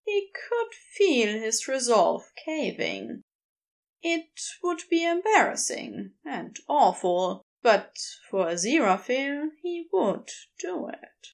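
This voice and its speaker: A woman narrating fan fiction aloud with expressive storytelling. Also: sits high, takes it slowly, creaky.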